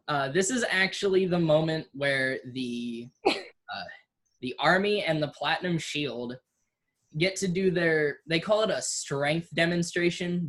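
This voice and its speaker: A game master narrating a tabletop game, unhurried, with many ums and restarts. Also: mid-range voice, fairly bright tone.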